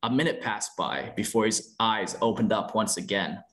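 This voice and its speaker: A man's voice: fairly low pitch, unhurried, hardly any pauses, fairly bright tone. A young man hosting a podcast, swearing casually and stumbling over words while reading a story aloud. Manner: loose and profane, stumbles when reading. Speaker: podcast host. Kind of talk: casual chat and reading fan fiction aloud.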